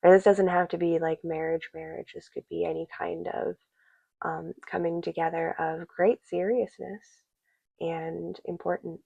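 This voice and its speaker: A woman giving a soft, meandering tarot reading, full of fillers and a little teary. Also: on the low side, little pitch movement, unhurried, gravelly, no echo, lo-fi sound. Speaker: tarot reader.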